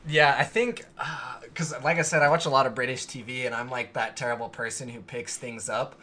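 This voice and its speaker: Bright-voiced American guy, jokey. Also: medium pitch, fairly even intonation, brisk. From United States. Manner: laughs easily, loose and jokey. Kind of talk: casual chat.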